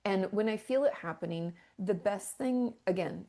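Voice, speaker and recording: A woman's voice: mid-range voice, moderate pace, mellow. A woman therapist, a guest on an interview, talking candidly and with self-deprecating asides. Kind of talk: casual conversational interview.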